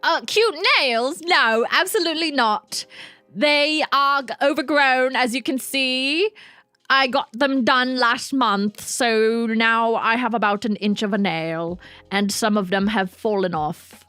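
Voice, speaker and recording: A woman's voice: fairly high pitch, takes it slowly, bright, forceful tone, dry recording. A woman VTuber chatting casually and playfully with her livestream audience. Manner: bubbly and playful, talks to chat. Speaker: VTuber streamer. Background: faint lo-fi hip hop music.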